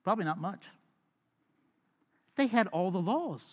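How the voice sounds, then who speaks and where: A man preaching a sermon, swinging from loud emphatic lines down to hushed near-whispers. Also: sits high, animated, a little slow. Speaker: pastor. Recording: long hall reverb.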